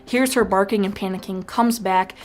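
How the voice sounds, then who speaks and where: A young woman chatting to camera as a film-review vlogger, gushing and animated with quick asides. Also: medium pitch, soft background music. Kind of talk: casual chat to camera.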